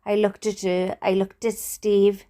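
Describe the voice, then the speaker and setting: A Welsh woman reading a book aloud in an expressive, playful way. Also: mid-range voice, unhurried. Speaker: storyteller.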